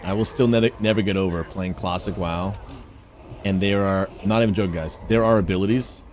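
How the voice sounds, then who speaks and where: A man's voice: low-pitched, a little fast, a little hiss or hum. A man who streams games and works as a pastor, chatting and laughing with friends while calling out plays over a gaming mic. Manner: excitable, laughs often, calls out plays. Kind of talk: casual gaming chat with friends.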